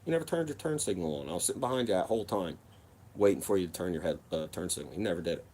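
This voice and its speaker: A man acting out a stern, brusque male police officer who scolds in clipped, quick lines. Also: sits low, animated, darkish tone, slight background noise. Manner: curt and scolding.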